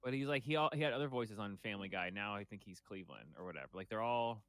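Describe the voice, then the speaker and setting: Man co-hosting a podcast, quick and lively, dry close sound. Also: fairly low pitch, no room sound. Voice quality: voice artist. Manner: animated, talks over others. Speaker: podcast co-host. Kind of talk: casual chat.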